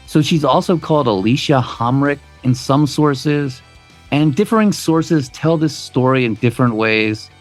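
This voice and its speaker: A man's voice: medium pitch, expressive, measured pace, faint music behind. A man co-hosting a podcast, reading a true crime story from a script and dropping his voice at the grim parts. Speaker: podcast co-host.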